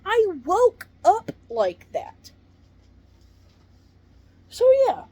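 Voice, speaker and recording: A woman who is a retired paramedic, in pain and venting to camera with swearing and dark jokes. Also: very high voice, very animated, extremely slow. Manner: swearing, exasperated, darkly joking.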